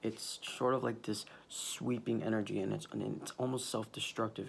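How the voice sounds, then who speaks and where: A man giving a tarot reading, his low voice heavily gravelly with fry. He speaks in a flat, halting way, restarting his sentences and pausing as if moved. A faint hiss sits under the recording. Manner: halting, emotional, many restarts and sighs. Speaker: tarot reader. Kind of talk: casual tarot reading to camera.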